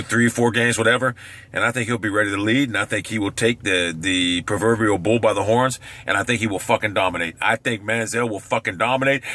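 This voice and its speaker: A man's voice: mid-range voice, pushed and bright, dry recording. A man ranting brashly about football on his vlog, swearing often and swinging his voice up and down. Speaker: sports vlogger. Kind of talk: profane sports rant.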